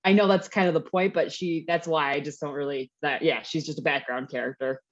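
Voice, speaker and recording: A young woman chats on a podcast, rambling with a string of "like"s. Her voice sits a little low. The recording sounds dull and lo-fi. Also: steady tone, a little fast. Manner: rambling, peppered with "like". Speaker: podcast co-host. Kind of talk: casual chat.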